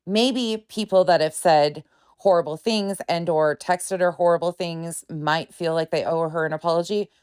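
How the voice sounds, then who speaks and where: Low-voiced woman doing reaction commentary, smooth and clear, fed up and sarcastic. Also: fairly even intonation, moderate pace, a little mellow. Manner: exasperated, sarcastic, debunking. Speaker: commentary channel host.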